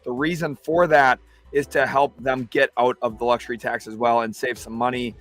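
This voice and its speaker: At a normal speed and in a mid-range voice, a male stream host talks basketball live. He's excitable, reading comments from the chat aloud and picking apart trades.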